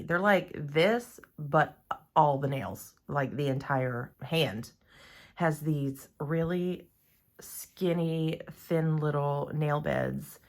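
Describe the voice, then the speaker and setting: Low-voiced, unhurried woman gushing. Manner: excitable, gushing, often gasping and sighing. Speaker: nail art vlogger. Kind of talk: casual unboxing chat. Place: home nail salon room.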